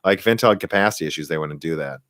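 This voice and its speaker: A man's voice: extremely low pitch, fairly bright tone, no echo, studio quality. A young man with a Midwestern American accent from Minnesota, casually answering viewer questions on a live stream in an opinionated, bursty way. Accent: Midwestern American, Minnesota, Michigan and central Illinois. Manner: opinionated, talks in quick bursts with restarts and laughs. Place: home room.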